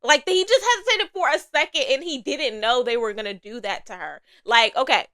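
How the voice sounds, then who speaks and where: A young woman chatting through a TV recap on her podcast, animated and quick to laugh, with casual swearing. Her voice sits a little high and comes across bright and forceful. It is crisp and smooth, with a dry, close sound. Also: dry recording. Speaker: podcast host. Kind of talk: casual TV review chat.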